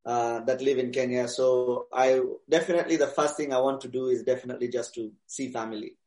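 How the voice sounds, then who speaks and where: A man's voice: medium pitch, fairly quick, noisy background. Easygoing man in an echoey room. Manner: relaxed, hesitant with many fillers. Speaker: interview guest, DJ. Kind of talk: casual podcast interview.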